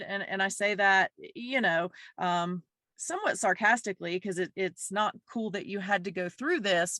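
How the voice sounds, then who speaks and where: A woman's voice: mid-range voice, unhurried, bright, forceful tone, no room sound. A woman hosting a podcast, introducing her guest and asking questions in a chatty way. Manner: chatty, with restarts. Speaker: podcast host.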